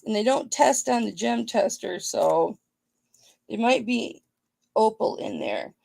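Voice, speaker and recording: A woman hosting a live online jewelry auction, chatting playfully with her viewers and thinking out loud. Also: fairly high pitch, animated, takes it slowly, creaky, dry recording. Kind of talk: casual live-stream auction patter.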